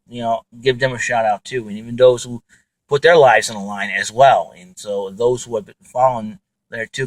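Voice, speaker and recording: A man's voice: mid-range voice, no echo, rough recording. A man hosting his own podcast, talking alone in a rambling way with many fillers and restarts. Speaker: podcast host. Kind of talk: casual monologue.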